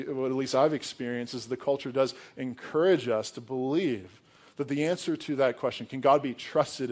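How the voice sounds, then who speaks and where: Young guy pastor giving a sermon, chatty and earnest, mid pitch. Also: a little mellow. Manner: conversational, earnest, casual asides with "like".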